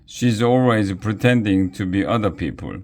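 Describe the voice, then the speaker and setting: A man's voice: fairly low pitch, lively intonation, moderate pace, darkish tone, natural voice. A man voicing a smug know-it-all schoolboy in a children's story, exclaiming eagerly. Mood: excited.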